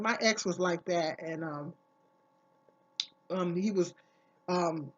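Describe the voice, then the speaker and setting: A woman's voice: medium pitch, dull audio. A woman vlogger talking casually to camera, giving earnest, emphatic advice and repeating her key phrases.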